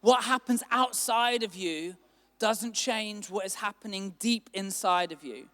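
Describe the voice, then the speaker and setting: A man preaching a sermon as a pastor, animated and acting out quotes with sudden bursts of loudness. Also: high voice, unhurried. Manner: animated, acts out quotes with big swings in loudness. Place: church hall. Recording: long hall reverb.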